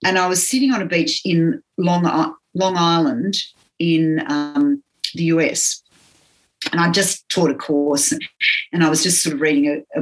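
An older Australian woman with an accent from home, reflecting on her teaching career in an earnest, halting way with many pauses. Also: deep voice, rough recording. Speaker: interviewee, physiotherapy teacher. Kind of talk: reflective interview talk.

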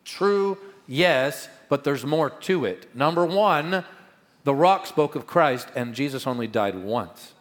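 A middle-aged male pastor preaching a sermon, swinging between loud proclamations and quiet asides. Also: on the high side, lively intonation, slow pace, long reverb tail.

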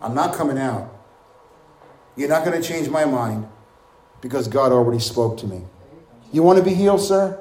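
A man's voice: medium pitch, animated, moderate pace, pauses often, a little mellow, echoey room, pitched below the performer's own voice, lightly acted. A man voicing a stern male prophet who answers firmly and bluntly, refusing to give in. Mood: firm dismissive. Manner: firm, blunt, dismissive.

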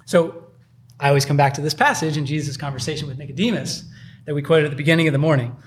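Speaking fast in a steady tone, a fairly high-voiced pastor delivers a sermon. It comes across as loose and chatty, and he uses "like" as a filler constantly.

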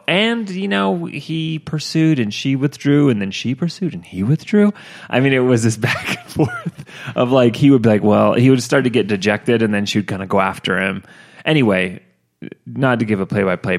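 A man co-hosting a casual chat, joking and swearing as he acts out quotes while retelling events. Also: mid-range voice.

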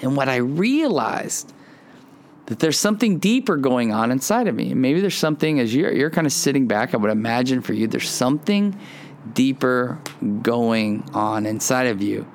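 A man preaching a conversational sermon, telling a family story and talking straight to his listeners with earnest, casual phrasing that jumps into sudden high, excited bursts. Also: normal speed, slight background noise. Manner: casual fillers and restarts, addresses listeners directly. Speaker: pastor.

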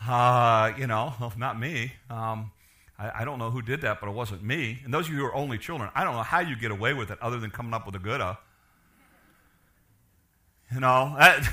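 A middle-aged man preaching a sermon, animated, acting out quoted characters, with frequent restarts. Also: medium pitch. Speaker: pastor.

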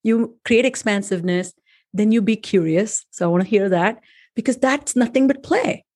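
A woman's voice: mid-range voice, normal speed. A woman hosting a casual chat, telling stories with many "uh" and "um" fillers and frequent laughter. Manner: warm storyteller who laughs often and uses "uh" and "um" fillers. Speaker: podcast host.

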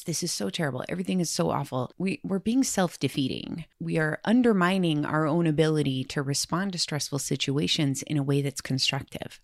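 A woman with a low voice and a gravelly edge, talking in a casual self-help podcast. She sounds earnest and reflective, and her pace picks up when she gets worked up. The sound is dry and close to the mic, with no room around it. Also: no room sound. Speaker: podcast host.

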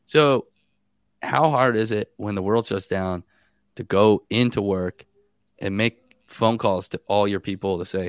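A man in his thirties with a fairly low voice tells a story in an animated, casual way and acts out the quotes. The sound is dry and close, with no room echo. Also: a little slow, smooth. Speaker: guest.

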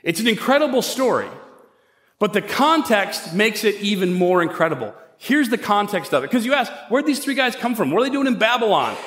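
A man preaching a sermon as pastor, retelling a story in a casual, conversational way with quick asides. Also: high voice, very animated, a bit bright. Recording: echoey hall with long reverb.

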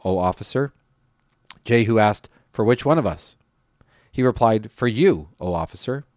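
A man with a somewhat low voice reads a Bible passage aloud in an even, steady way. The sound is close and dry, with no room around it. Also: dry recording. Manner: steady reading, lifts voice for quoted speech. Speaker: scripture reader.

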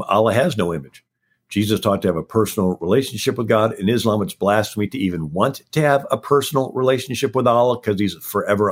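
A man with a fairly low voice is a historian guest on a talk show. He delivers a rapid-fire history lecture, firing off fact after fact.

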